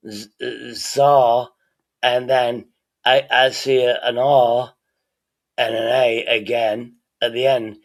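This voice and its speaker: A man talks to his stream in a mid-pitched voice with a gravelly fry. He mutters and thinks aloud as he works, swearing freely and casually. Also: little pitch movement, slow pace. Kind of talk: casual live-stream chat.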